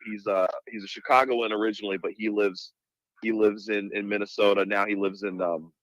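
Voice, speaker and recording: A man's voice: fairly low pitch, level tone, brisk, a bit bright, dry recording, rough recording. A man co-hosting a live call-in podcast, talking in an enthusiastic, effusive way. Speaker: podcast co-host.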